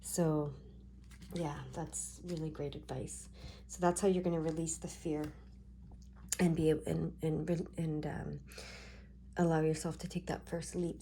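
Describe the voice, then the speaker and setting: A woman giving a tarot card reading, talking gently and reassuringly with frequent check-ins to her viewers. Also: on the low side, fairly even intonation, a little slow, pauses often, slight background noise. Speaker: tarot reader.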